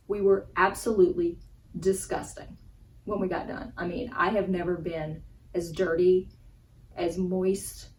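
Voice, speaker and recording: A young woman vlogger telling a funny personal story in a casual, animated way, laughing as she goes. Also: on the low side, recorded from a distance, slight background noise, low-quality recording. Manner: animated, laughing, acts out gestures. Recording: voice a bit off-mic with faint background ambience.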